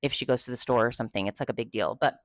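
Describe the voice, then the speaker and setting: Low-voiced, dry-sounding, casual woman storyteller. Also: racing, dry recording. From Texas. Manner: chatty, swears freely, frequent fillers. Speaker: podcast host.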